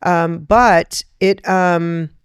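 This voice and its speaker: A woman's voice: on the low side, fairly even intonation, very slow, smooth, no room sound, clean studio sound. A woman hosting a podcast interview, encouraging her guest with frequent affirmations. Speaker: podcast host. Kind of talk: casual interview chat.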